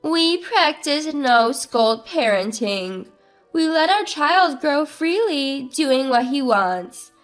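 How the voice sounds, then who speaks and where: A woman's voice: high voice, lively intonation, slow, faint music behind. Woman doing a prim, fake-sweet young mother.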